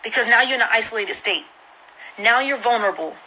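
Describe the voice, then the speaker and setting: A woman's voice: a little high, lively intonation, quick pace, pushed and bright, rough recording. A woman vlogger giving an emotional personal account to camera, earnest and repeating herself for emphasis. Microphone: phone screen recording.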